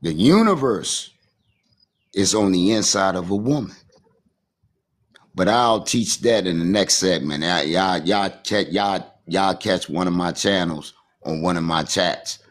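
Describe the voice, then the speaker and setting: A man with a low voice and a Washington, D.C. accent speaks a little slowly on a remote call. His rambling spiritual monologue is preachy and repetitive, and "you understand" comes up often.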